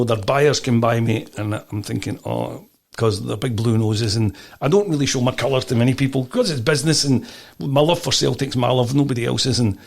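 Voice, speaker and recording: A middle-aged Scottish man chats as a podcast guest, his voice gravelly and rough at the edges. He tells long stories in an animated way, stumbling over restarts and doubling his words. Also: mid-range voice. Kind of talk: casual storytelling interview.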